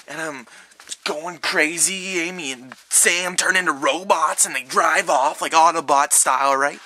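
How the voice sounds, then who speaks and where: A man's voice: on the high side, bright, forceful tone, slight background noise. A young man vlogging, telling a rambling comic story with mouth sound effects.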